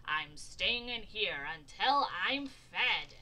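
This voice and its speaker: A woman's voice: mid-range voice, lively intonation, takes it slowly, bright, forceful tone, a little hiss or hum, full character voice, low-quality recording. A woman doing a grumpy sleepy groundhog.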